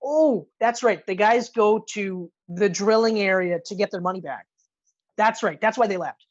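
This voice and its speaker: Woman co-host, excitable, swears a lot, acts out scenes, lo-fi sound. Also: medium pitch, moderate pace. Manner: animated retelling, profane, acts out characters' lines. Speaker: podcast co-host. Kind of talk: casual movie review chat.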